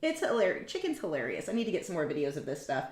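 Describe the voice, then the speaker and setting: A woman hosts a live painting demo in a lowish, darkish voice with big pitch swings, talking rapid-fire. She chats in a rambling, self-mocking way, full of tangents, and the room has a roomy echo.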